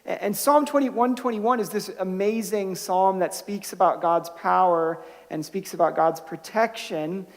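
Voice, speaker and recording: A man's voice: high voice, a little slow, hardly any pauses. A man preaching a sermon as pastor, telling stories in a conversational way with restarts and rising to emphatic bursts on key points. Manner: conversational storytelling with frequent restarts. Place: church sanctuary. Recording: long hall reverb.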